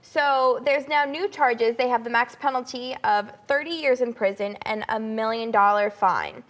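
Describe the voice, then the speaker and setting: A woman's voice: fairly high pitch, normal speed, a bit bright. A young woman co-hosting a casual entertainment news chat, talking in a gossipy way with fillers. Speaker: co-host.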